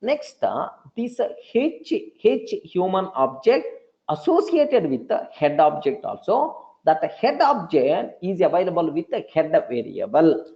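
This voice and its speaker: Man teaching code, lively pitch. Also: a little slow, gravelly. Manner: repetitive, addresses listeners as sir. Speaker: programming teacher. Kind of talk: live coding lecture. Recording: dull lo-fi audio.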